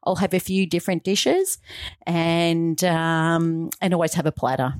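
A woman's voice: on the low side, measured pace, no echo, studio quality. A middle-aged woman, a guest on a radio show, chatting casually and bringing her story to life by acting out the voices in it. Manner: animated storyteller, acting out quotes. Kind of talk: casual interview chat. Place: radio studio.

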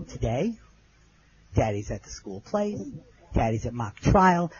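A middle-aged man telling a personal story in an earnest way. His voice goes low and soft at the moving parts. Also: sing-song, a little slow, long pauses, muffled recording.

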